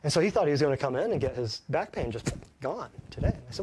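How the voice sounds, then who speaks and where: A man's voice: fairly high pitch, very animated, fast talker, few pauses, darkish tone, slight background noise. A man who works as a chiropractor, giving a folksy, emphatic health talk to a small live audience and keeps asking them questions.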